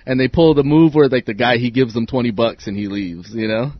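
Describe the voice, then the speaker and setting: A man from Southern California spins a profane, animated story in casual podcast chat. His voice is husky and sits in a dry, close space. The audio is a bit dull and lo-fi. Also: medium pitch, brisk, no echo. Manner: animated, swears a lot, acts out voices in his stories. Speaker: guest.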